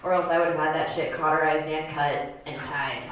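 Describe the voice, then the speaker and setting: A woman of thirty doing a stand-up comedy set on a club stage, rambling and deadpan, with plenty of filler words. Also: deep voice, fairly quick, a crowd in the background. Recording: echoey club room from far off.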